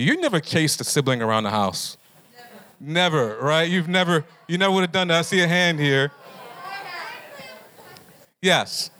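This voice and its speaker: A man's voice: on the high side, lively intonation, moderate pace, long pauses, pushed and bright. A man preaching a sermon to a live group in a conversational way, often putting questions to his listeners. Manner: conversational, asks the audience questions. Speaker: pastor.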